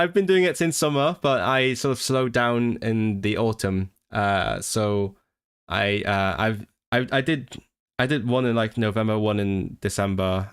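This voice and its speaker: A man, a Cantonese speaker, chatting casually on a livestream, talking in bursts with many restarts. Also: fairly low pitch. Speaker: language streamer.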